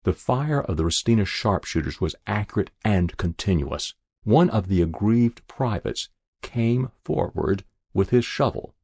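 Gravelly low male audiobook narrator. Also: no echo. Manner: measured, even storytelling.

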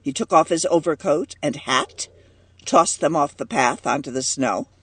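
A man's voice: fairly high pitch, animated, normal speed, fairly bright tone, husky, no echo. A man narrating a story in an audiobook, reading expressively.

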